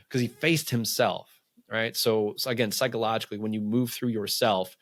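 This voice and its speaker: A man speaking as a coach in a casual interview, talking quickly and loosely with many fillers, acting out what others say. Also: on the low side, dry recording. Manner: fast, loose talk full of fillers, acts out quotes. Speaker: men's coach and podcast guest.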